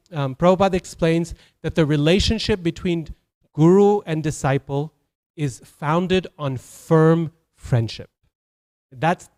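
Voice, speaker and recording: Man, slightly high voice, Sunday sermon, conversational storytelling, halting with fillers. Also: darkish tone. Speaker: temple speaker.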